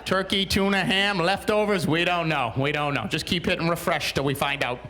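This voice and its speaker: A man's voice: on the high side, fairly even intonation, fairly quick, sharp tone. A man in his forties doing a stand-up comedy routine on a small studio stage, telling dry, exasperated stories with punchlines.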